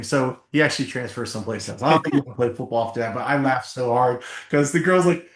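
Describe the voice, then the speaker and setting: Talking fast with hardly any pauses, this middle-aged New Jersey man, once a football player, animatedly shares stories as a guest on a podcast interview. He's emphatic and swears casually; his medium-pitched voice echoes in the room.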